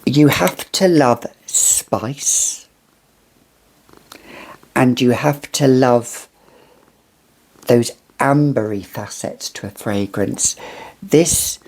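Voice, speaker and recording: A British woman with a strikingly low voice, enthusing over perfumes in a casual vlog. She talks at a leisurely pace, gushing and circling back on her words as she goes. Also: creaky, darkish tone, husky. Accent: British English. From United Kingdom. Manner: gushing, enthusiastic, rambling with restarts. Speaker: fragrance reviewer.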